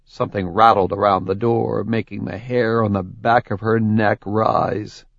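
Slow, gravelly male narrator. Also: on the low side, little pitch movement, no echo. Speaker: audiobook narrator. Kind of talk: scripted narration. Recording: dull lo-fi, dry recording.

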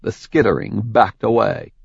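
Male audiobook narrator, gravelly and unhurried, dull dry sound. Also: fairly low pitch, darkish tone, no room sound. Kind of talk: scripted narration.

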